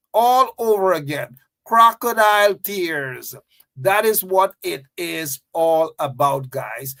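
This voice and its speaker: A man with a fairly high voice, delivering opinionated political commentary. He talks emphatically and scornfully, circling back to his points again and again. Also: fairly bright tone.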